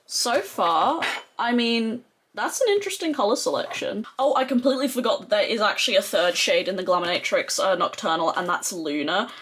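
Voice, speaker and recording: A young adult woman who talks chattily and excitably as a beauty vlogger, with lots of "like" fillers. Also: mid-range voice, brisk, a little hiss or hum. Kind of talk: casual chatty tutorial.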